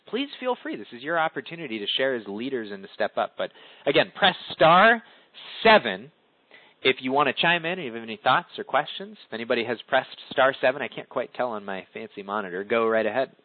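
A man runs a conference call, coaching listeners on public speaking. His voice climbs and dips with lively emphasis, and the call comes through as a tinny, dry phone line. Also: fairly quick, no echo. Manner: animated, swoops pitch up and down for emphasis.

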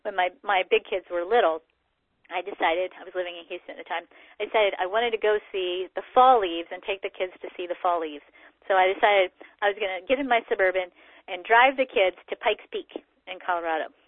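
A middle-aged woman giving a casual talk that explains a personality system, acting out quoted dialogue in lively voices. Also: mid-range voice, brisk, no echo. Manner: animated, acts out quoted dialogue. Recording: tinny phone-like recording, dry.

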